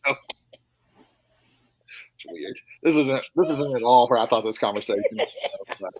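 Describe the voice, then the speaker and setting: A man's voice: medium pitch, lively intonation, normal speed, slightly rough. A man, a comedian, chatting casually on a live stream and telling self-mocking stories. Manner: playful, self-mocking storytelling. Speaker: stand-up comedian guest. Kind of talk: casual chat with joke telling. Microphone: live stream call.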